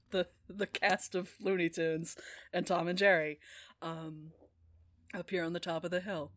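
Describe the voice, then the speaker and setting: A woman's voice: fairly low pitch, little pitch movement, measured pace, no echo, clean studio sound. A woman co-hosting a casual book club podcast, giggling often and trailing off with fillers. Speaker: podcast co-host.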